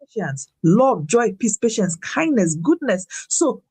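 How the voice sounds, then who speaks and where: A woman shares her faith testimony in an animated, preacherly way. She repeats words when she is emphatic, and her voice leaps upward as she retells a story. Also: a little high, unhurried, slightly rough. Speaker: guest speaker. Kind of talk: faith-based personal testimony.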